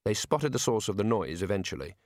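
Expressive male audiobook narrator, dry sound. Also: lowish voice, fairly quick, no room sound. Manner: wry, expressive storytelling. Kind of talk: scripted narration.

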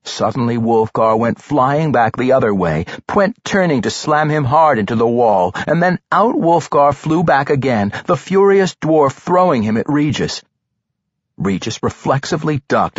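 Husky-voiced man narrating fantasy audiobook. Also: medium pitch, moderate pace, no echo. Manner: expressive, animated delivery. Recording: slightly dull, dry recording.

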